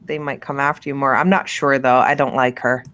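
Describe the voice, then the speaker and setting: A woman hosts a casual gaming chat with a bright, forward voice. She keeps things upbeat and peppers her guests with questions. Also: extremely low pitch, level tone, a little fast. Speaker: podcast host.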